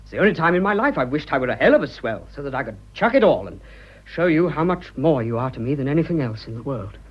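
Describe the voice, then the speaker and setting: A man's voice: mid-range voice, big pitch swings, quick pace, lo-fi sound. An actor playing an earnest, flustered young businessman declaring his love, stammering in clipped upper-class British speech in a radio drama.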